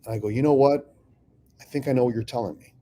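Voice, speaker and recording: Mellow-voiced man telling a profane story. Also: mid-range voice, quick pace, slight background noise. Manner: profane, animated storyteller acting out dialogue. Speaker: real estate investor telling his story. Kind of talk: casual podcast storytelling.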